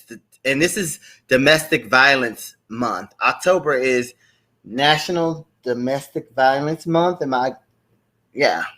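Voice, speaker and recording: A man's voice: medium pitch, pushed and bright. Chatty man hosting a live stream. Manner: chatty, greets viewers by name, repeats himself. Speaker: host of a live stream show. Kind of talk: casual live stream chat.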